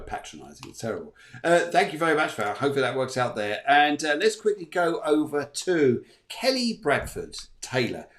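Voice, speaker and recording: A man hosting a live online chat show as a medium, chatty and playful as he reads out viewer messages. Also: medium pitch. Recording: echoey room.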